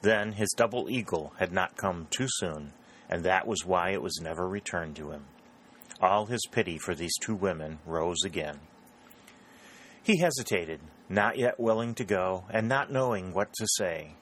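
A man reads a novel aloud in scripted narration. His voice sits very low and his delivery is steady and even. A faint hiss runs under the recording. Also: a little slow, low-quality recording. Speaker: audiobook narrator.

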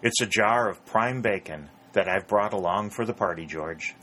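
A man's voice: lowish voice, normal speed, pushed and bright. A man reading an earnest young soldier.

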